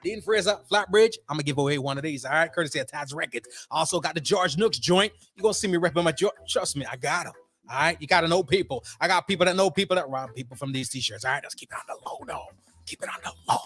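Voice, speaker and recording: Fast-talking, high-voiced radio host man. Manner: lively shout-outs heavy with slang; slips into Caribbean-style patois for fun. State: a little under the weather. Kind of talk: energetic radio DJ chat. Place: at home, remote broadcast.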